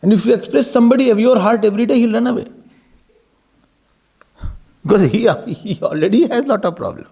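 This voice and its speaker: An Indian man giving a devotional talk as a swami, animated and laughing often, mixing in Hindi words. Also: high voice, a little fast, vocal fry, pauses often, husky.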